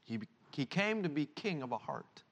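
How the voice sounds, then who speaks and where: A male pastor preaching a sermon to his church, swinging between loud emphatic lines and hushed, low ones. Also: very animated, moderate pace.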